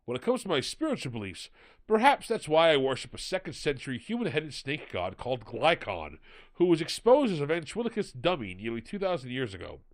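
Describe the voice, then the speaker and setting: A man's voice: fairly high pitch, wildly swooping pitch, fairly quick. A man doing a comic impression of a pompous older author, reading aloud in a mock-grand voice. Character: pompous older English author, male, dry.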